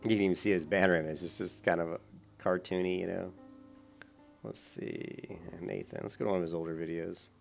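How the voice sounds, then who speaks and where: A man's voice: low voice, a little fast, vocal fry, soft background music. A man giving casual, rambling commentary while playing an online game, with many fillers. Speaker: gaming YouTuber.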